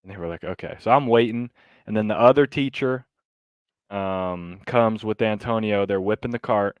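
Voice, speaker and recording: A man with a fairly low voice tells a story to a friend on a podcast, with animated, casual talk full of fillers and the odd curse. The sound is dry and close, with no room echo. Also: moderate pace, clear, resonant tone. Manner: animated, swearing, lots of fillers. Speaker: podcast co-host.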